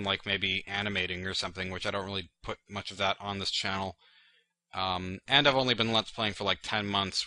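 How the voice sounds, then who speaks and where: A man's voice: lowish voice, bright, forceful tone. A man hosting his channel, answering viewer questions in a rambling, casual chat full of fillers and self-deprecating jokes. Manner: rambling and chatty, full of "like" and "you know".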